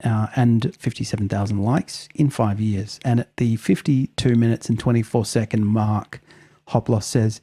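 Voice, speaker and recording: A man with a dark, mellow voice talks through the facts at an easy conversational pace. He co-hosts a chat podcast, casual and unhurried. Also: on the low side, no room sound. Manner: reads facts aloud in a relaxed, conversational way. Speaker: podcast co-host.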